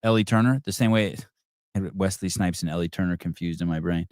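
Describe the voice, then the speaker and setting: A deep, darkish voice at a slightly fast pace belongs to this middle-aged host of a live call-in podcast, who rants bluntly and profanely with rambling restarts. The recording is dry and studio quality.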